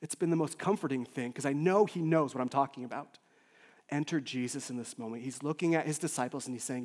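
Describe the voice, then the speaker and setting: A man's voice: medium pitch, quick pace. Impassioned man preaching in a reverberant hall. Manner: emotional, swings between loud urgency and soft near-whispers. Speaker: lead pastor. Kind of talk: sermon.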